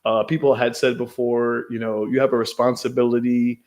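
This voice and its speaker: A man's voice: medium pitch, little pitch movement, normal speed, a little mellow. Male podcast host, casual interview, friendly, stumbles and repeats words. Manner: hesitant, repeats words, upbeat.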